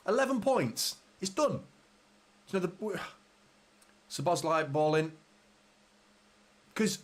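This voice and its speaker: A man's voice: fairly high pitch, a bit bright. A young man hosting a live football watchalong, commentating with frustration, swearing and talking to his viewers. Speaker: fan channel host.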